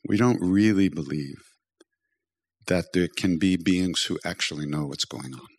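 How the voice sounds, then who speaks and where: An older man giving a storytelling spiritual talk, gently humorous and self-deprecating, as a teacher and podcast host. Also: low-pitched, a little slow.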